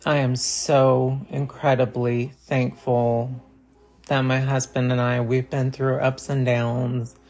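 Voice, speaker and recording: A woman vlogger giving a heartfelt, halting holiday message to her viewers, with many pauses and fillers. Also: a bass voice, little pitch movement, a little mellow. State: choked up.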